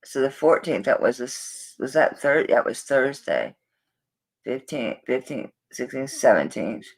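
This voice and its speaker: A woman's voice: rumbling low, big pitch swings, unhurried, husky. Flustered woman chatting on a live stream. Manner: flustered, rambling, talks to viewers while searching. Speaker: jewelry seller on a live auction stream. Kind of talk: live-stream chat while sorting orders.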